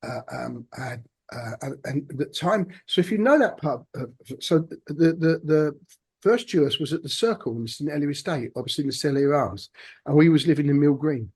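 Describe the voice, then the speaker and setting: A man, a podcast guest telling his own story in a halting, reflective way. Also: fairly high pitch, animated, darkish tone, husky. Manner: halting, reflective, many restarts. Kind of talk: personal storytelling interview.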